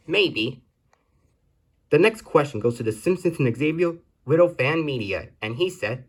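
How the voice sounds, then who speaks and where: A man's voice: medium pitch, animated, moderate pace, a bit bright. A man with a medium voice reads out his viewers' questions one by one and answers each in turn. His delivery is plain and earnest. He often stops mid-sentence to correct a word.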